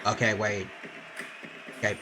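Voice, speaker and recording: A man's voice: fairly low pitch, level tone, unhurried, noisy background. A man streaming a turn-based game, casually talking himself through each move, with lots of fillers and restarts. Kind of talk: casual gameplay commentary. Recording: game music playing behind.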